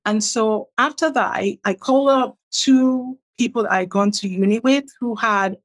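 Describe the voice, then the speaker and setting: Middle-aged woman telling a lively story. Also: a little high, moderate pace. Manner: acts out quoted people with a raised, livelier voice. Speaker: writer telling her story. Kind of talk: animated personal storytelling.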